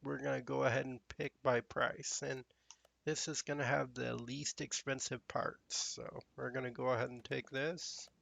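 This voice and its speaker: A man's voice: mid-range voice, flat delivery, normal speed, creaky, fairly bright tone, dry recording. A man hosting a gaming channel, rambling and musing aloud in casual commentary while he plays.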